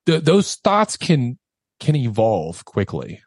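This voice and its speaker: Sex: man, with a middling pitch. Role: podcast guest. Style: candid, emotional storytelling with casual swearing. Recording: dry and close, with little room sound. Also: wildly swooping pitch, slow pace, breathy edge, dry recording.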